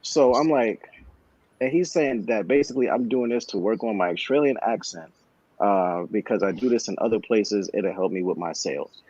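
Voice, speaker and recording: Brief: laid-back husky man, low-ish, cussing storyteller, lo-fi podcast audio. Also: normal speed, a little mellow, no room sound. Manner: laid-back, swearing, dry asides. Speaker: podcast co-host. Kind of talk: casual storytelling. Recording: dull lo-fi podcast recording.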